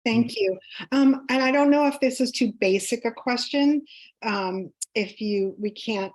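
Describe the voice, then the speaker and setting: A woman taking part in a class discussion, speaking hesitantly with pauses and restarts. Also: a little high, a little mellow, low-quality recording. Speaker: class participant. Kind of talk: sharing in a group discussion.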